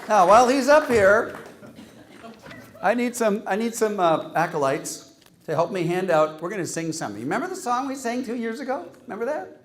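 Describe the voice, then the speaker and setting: A man with a slightly raised pitch hosts a lighthearted awards segment at a gathering. He teases each honoree wryly and reads out mock Latin mottos. His delivery is that of a relaxed after-dinner speech. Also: takes it slowly, long pauses, some chatter behind, a little hiss or hum. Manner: wry, teasing, reads Latin quotes aloud. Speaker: host handing out joke awards.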